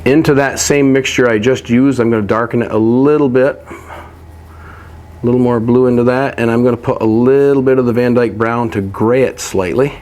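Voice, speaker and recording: A man teaching a painting lesson, walking through each step in a relaxed, practical way while he works. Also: medium pitch, normal speed. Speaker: painting instructor.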